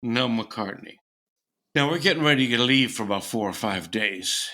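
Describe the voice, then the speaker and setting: A man's voice: medium pitch, normal speed. A man in his seventies from Florida, a guest musician telling anecdotes and acting out the people in them. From Tampa, Florida. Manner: lively, acts out the people in his stories. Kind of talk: anecdotal storytelling.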